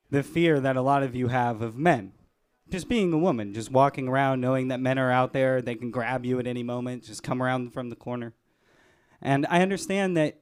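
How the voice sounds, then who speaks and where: A man doing a live stand-up set in a club, deadpan, chuckling at his own jokes. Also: medium pitch, smooth. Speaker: stand-up comedian. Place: comedy club stage.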